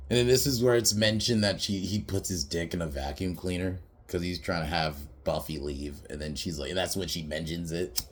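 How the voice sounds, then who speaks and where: A man with a very low voice talks through a film's scenes in a loose, unscripted podcast recap. He wanders, swears casually and keeps breaking into laughter at the jokes he retells. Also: normal speed, few pauses. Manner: rambling, laughs often, swears freely, many fillers. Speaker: podcast movie reviewer.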